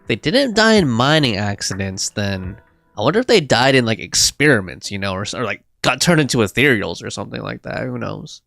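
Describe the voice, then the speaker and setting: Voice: mid-range voice, very animated, a little fast, gravelly, fairly bright tone, dry recording. A streamer chatting casually during a gameplay stream, rambling and giggling with lots of fillers. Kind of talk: casual live-stream chat.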